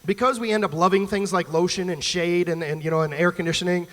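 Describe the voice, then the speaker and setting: A male stand-up comedian from the US Midwest, talking in an animated, rambling way on stage at a live venue. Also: high voice, fast, long reverb tail. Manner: animated, chatty, rambling asides.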